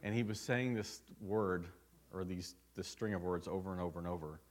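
A man's voice: low-pitched, moderate pace. A man preaching a sermon at a church service, telling a personal story in an earnest, conversational way. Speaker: pastor.

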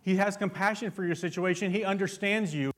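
A man's voice: high voice, fairly quick. A man preaching a sermon as pastor, fervent and constantly asking his congregation questions.

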